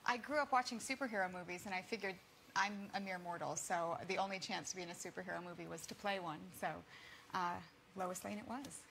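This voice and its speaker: A woman, an actress guest on a chat show, speaking in a soft, plain way. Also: fairly low pitch, fast, creaky, a little hiss or hum, poor audio.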